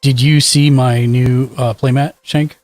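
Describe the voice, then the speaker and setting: A man's voice: mid-range voice, fairly even intonation, measured pace, darkish tone, no room sound, soft background music. A man hosting a casual card game stream, giving patient step-by-step instructions with fillers. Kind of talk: casual chat.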